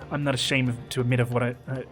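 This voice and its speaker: Proud male police inspector, earnest and defensive, as a man reads him out; mid pitch. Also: level tone, very fast, music in the background, close to an everyday voice.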